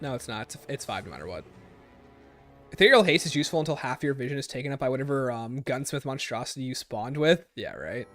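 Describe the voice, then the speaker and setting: A man chatting casually on a gaming livestream, answering viewer comments and reeling off long lists in quick succession. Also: fairly bright tone. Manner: rapid-fire listing, sliding up and down in pitch.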